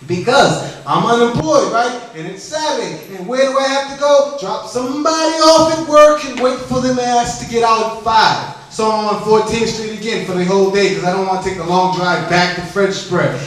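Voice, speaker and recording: A man's voice: sits high, brisk, fairly bright tone, a little hiss or hum. A man doing open mic stand-up comedy, telling a rambling, profane story and joking with the crowd. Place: comedy lounge stage. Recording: echoey room, mic at a distance.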